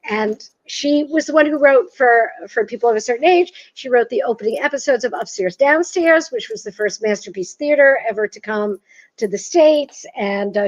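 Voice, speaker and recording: A woman in her sixties from Massachusetts, an author telling stories as a guest in a casual interview, animated and self-deprecating. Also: fairly high pitch, no echo. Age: 60s. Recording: dull, dry sound.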